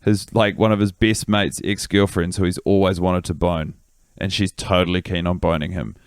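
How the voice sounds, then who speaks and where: A man co-hosting a podcast, telling stories with dry, deadpan humor. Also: low voice, moderate pace, clear, resonant tone, dry recording. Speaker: podcast co-host. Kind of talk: casual chat.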